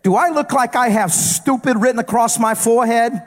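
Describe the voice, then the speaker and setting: A male preacher impersonating a stern, sharp-tongued woman TV judge, speaking curtly. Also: very high voice, fairly quick, voice pushed up. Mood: scolding.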